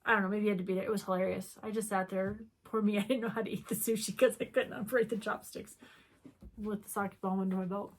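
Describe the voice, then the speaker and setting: Speaking at a quick clip in a mid-range voice, this Wyoming woman in middle age co-hosts a casual show about stitching. Her stories come out lively and animated, broken up by bursts of giggling.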